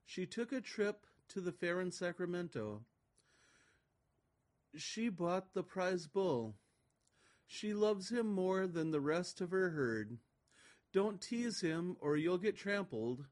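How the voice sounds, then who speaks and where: A man singing a comic novelty song on a quiet home recording. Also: high-pitched, lively intonation, slow. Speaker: listener contributor.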